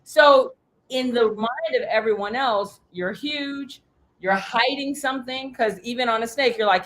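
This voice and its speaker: Animated woman coach teaching a workshop. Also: fairly high pitch, rough recording. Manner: animated storytelling, acting out quoted voices, casual swearing. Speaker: business coach.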